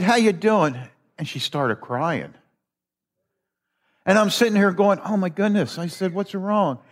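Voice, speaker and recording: Middle-aged guy preaching a chatty sermon, kinda high voice, slow and rambly. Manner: rambling, folksy, with restarts and chuckles. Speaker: lay preacher. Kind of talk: conversational sermon. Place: church sanctuary.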